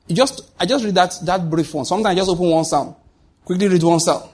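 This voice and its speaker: A man's voice: high-pitched, fast talker, breathy edge. A man preaching a sermon as pastor, asking the congregation rhetorical questions and answering them.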